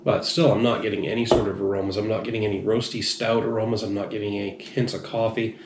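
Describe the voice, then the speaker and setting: Man, slightly tipsy, rambling frank beer reviewer, low-ish voice, roomy echo. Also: flat delivery, fast talker. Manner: rambling, frank, self-deprecating. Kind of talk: casual review monologue. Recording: echoey room, faint noise.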